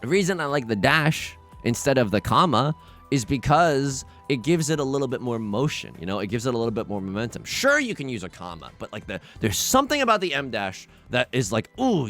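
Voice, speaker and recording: A man's voice: medium pitch, a little fast. Young guy streaming a game, bouncy voice all over the place, jokes with chat, bit of music underneath. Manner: animated, jokey, talks to chat, sudden loud outbursts. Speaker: let's play streamer. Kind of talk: casual game commentary.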